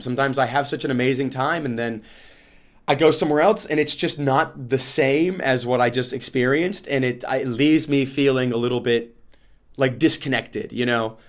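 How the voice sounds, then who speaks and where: A man's voice: mid-range voice, normal speed. A young man talking in a casual vlog monologue, rambling and emotional, with lots of fillers and restarts. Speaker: book vlogger.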